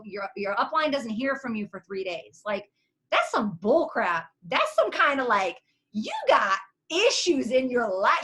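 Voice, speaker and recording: A woman in her thirties giving a sassy, slangy motivational pep talk on a video call, swinging between loud and soft. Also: a little high. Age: 30s. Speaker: guest speaker.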